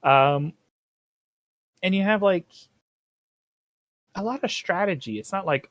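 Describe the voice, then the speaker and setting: A man's voice: sits high, slow pace, pauses often, no echo. A young man hosting a casual podcast chat, rambling and swearing as he talks. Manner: rambling, profane, animated. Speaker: podcast host.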